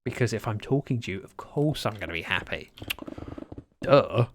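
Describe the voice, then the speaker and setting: Lively British male gamer streamer. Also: on the low side, normal speed, noisy background. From Britain. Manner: chatty, reads viewer chat aloud, dry self-mocking humour. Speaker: livestreamer. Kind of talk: casual livestream chat while gaming.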